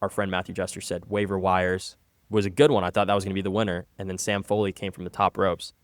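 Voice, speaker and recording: Man, podcast co-host, low voice, dry close mic, lively storytelling. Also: fast talker, dry recording. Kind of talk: casual chat.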